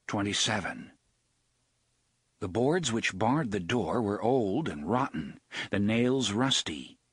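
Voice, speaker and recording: Husky-voiced man narrating a tense audiobook. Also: on the low side, animated, no echo. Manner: measured, suspenseful, slowing on tense beats. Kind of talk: scripted narration.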